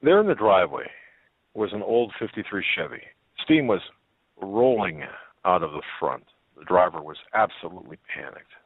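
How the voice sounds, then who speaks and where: A man reading a story aloud as a radio host, in a halting way with many fillers and restarts. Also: sits low, big pitch swings, slightly rough, no echo. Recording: tinny phone-like line.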